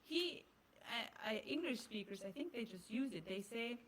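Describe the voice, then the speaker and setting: A woman's voice: fairly high pitch, animated, normal speed, slight background noise. A woman with a German accent, German her first language, co-hosting a podcast in casual chat, laughing often and mixing in Spanish words. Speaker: podcast co-host.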